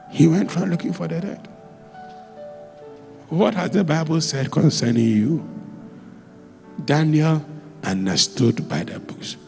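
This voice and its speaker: A man preaching a sermon as a pastor, telling stories with sudden jumps in pitch and loudness. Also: a little slow, creaky, pauses often, big-room sound, faint music behind. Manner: animated storytelling, with sudden jumps in pitch and volume. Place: church.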